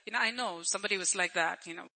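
Very high, bright-voiced male preacher. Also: very fast, vocal fry, poor audio. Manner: storytelling preacher who acts out crowd voices; conversational, repeats phrases for emphasis. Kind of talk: sermon.

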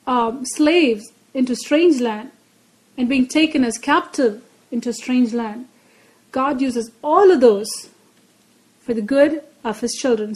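High-voiced woman teaching from the Bible. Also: darkish tone, poor audio. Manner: earnest, repeats key phrases. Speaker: preacher.

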